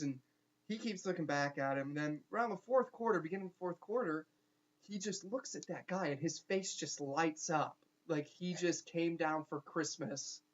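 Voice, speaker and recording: A young man, a teacher, telling a funny story casually with animated asides and quick restarts. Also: fairly high pitch. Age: young adult. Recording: dull lo-fi recording.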